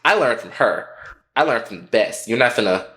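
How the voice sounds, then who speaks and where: Lively, bright-voiced man telling a story. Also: medium pitch, moderate pace. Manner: profane, animated retelling. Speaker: podcast co-host. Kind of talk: casual storytelling.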